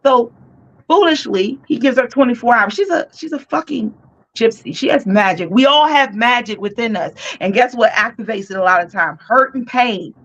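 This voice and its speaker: A woman podcast co-host casually retelling a myth in an animated, profane, slangy way. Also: a little high, normal speed, highs cut off. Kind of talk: casual storytelling.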